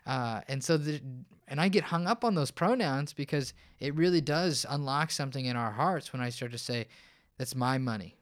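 Man, counselor guest, smooth resonant voice, easy explanatory storytelling. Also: on the high side, expressive, moderate pace, hardly any pauses. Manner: explanatory, storytelling, many restarts. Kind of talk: podcast interview.

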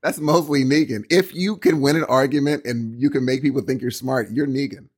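A man co-hosting a casual podcast chat, playful and quick to laugh, joking in mock accents. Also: medium pitch, husky. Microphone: podcast microphone.

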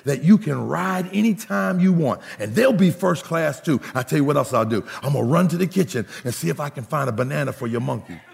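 A man voicing a male train conductor who talks in a quick, soothing, placating way. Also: a little high, expressive, gravelly, in a large hall.

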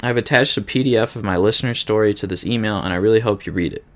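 A man's voice: fairly low pitch, quick pace. A man with a Midwestern American accent, co-hosting a podcast and reading a listener story aloud, joking and swearing freely between lines.

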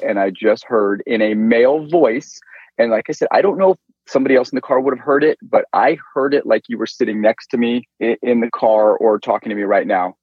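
Husky middle-aged man telling his story. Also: medium pitch, no echo. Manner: animated storyteller who acts out quoted speech. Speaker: interview guest. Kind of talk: personal faith testimony storytelling. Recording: dull lo-fi dry sound.

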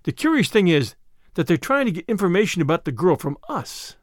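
Man voicing tired older spymaster, grave, measured, expressive pitch, dry close mic. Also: no echo. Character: weary older male spymaster, calm and grave.

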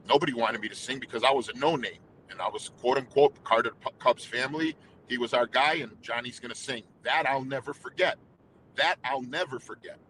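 A middle-aged man with a bright, forceful voice, telling stories as a podcast guest. He talks with intense, emphatic energy, and his thoughts pour out quickly as he goes. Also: mid-range voice, a little hiss or hum, rough recording. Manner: intense, emphatic, fast-flowing. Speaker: anthem singer, guest. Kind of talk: casual interview storytelling.

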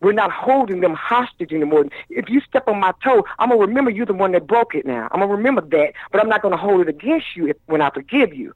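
A man's voice: high-pitched, lively intonation, quick pace, few pauses, no room sound. A man calling in as a guest minister on a radio show, preaching with fervent cadence and calling listeners "baby". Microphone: telephone. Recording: tinny phone line.

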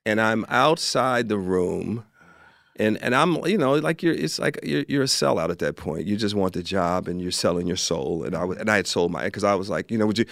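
A man's voice: on the low side, normal speed, gravelly, no echo, studio quality. A man from Chicago, an actor and filmmaker, telling stories as a podcast guest and acting out the people in them. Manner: animated, acts out the people in his stories. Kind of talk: storytelling in a podcast interview.

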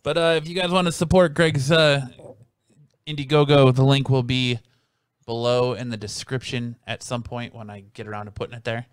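A man hosting a casual podcast, loud, hyping and joking. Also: mid-range voice, fairly even intonation, moderate pace, smooth, dry recording, studio quality. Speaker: podcast host.

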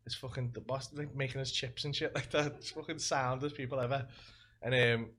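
A podcast host with a Liverpool accent, spinning loose, meandering anecdotes. He swears freely and slips into quick impressions of the people he describes. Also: mid-range voice, fairly even intonation, fairly bright tone. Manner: rambling storyteller, heavy swearing, acts out quoted voices. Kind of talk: casual podcast chat.

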